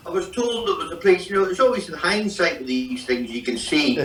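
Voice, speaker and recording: A man's voice: fairly high pitch, a little fast, a bit bright. An Australian man, a comedian, wryly telling his story and laughing through it. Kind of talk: comic storytelling. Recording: distant, echoey, very noisy.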